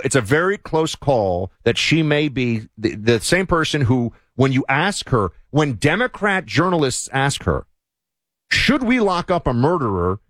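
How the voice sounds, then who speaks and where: Animated sardonic male talk host. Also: mid-range voice, no echo, studio quality. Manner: sardonic, rambling with frequent restarts. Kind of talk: opinionated political commentary.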